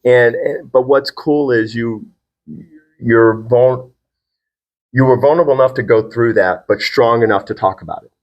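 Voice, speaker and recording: A man's voice: medium pitch, normal speed, dull audio. A middle-aged man hosting a podcast with his son, talking in an earnest, encouraging and reflective way. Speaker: podcast host, father. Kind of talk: casual conversation.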